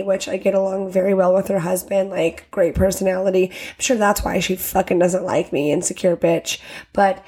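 A woman's voice: medium pitch, darkish tone, slightly rough. Blunt, foul-mouthed woman podcast host. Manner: blunt, profane and candid; storytelling with acted quotes. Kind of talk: casual podcast rant.

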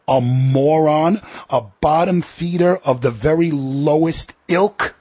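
A man with a husky, slightly rough voice hosts a podcast in a heated, profane rant. His delivery swings between sarcasm and outrage, and the sound is dry and close to the mic with no room around it. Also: fairly high pitch, slow, darkish tone, no echo. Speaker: podcast host. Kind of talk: ranting podcast commentary.

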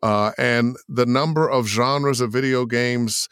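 An older man, a voice actor, answering interview questions in an animated storytelling way, acting out quotes as he goes. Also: mid-range voice, unhurried, clean tone, no echo, studio quality. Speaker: voice actor guest.

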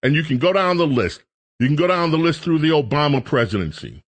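A man's voice: fairly high pitch, expressive, brisk. A middle-aged man hosting a political talk radio show, delivering a heated, sarcastic monologue. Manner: heated, sarcastic, mocks others in put-on voices.

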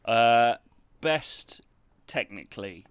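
A man telling jokey anecdotes in casual chat with a deadpan delivery. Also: mid-range voice, slow pace, smooth, no room sound.

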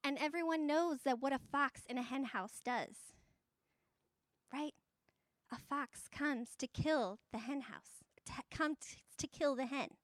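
High-voiced woman teaching a Bible lesson. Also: a little slow, dry recording. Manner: conversational, chatty with fillers and tag questions.

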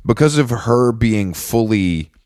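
A man co-hosting a podcast, chatting casually in an animated, gossipy way and laughing often. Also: mid-range voice, takes it slowly, no echo, clean studio sound. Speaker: podcast co-host. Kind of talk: casual chat. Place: New York.

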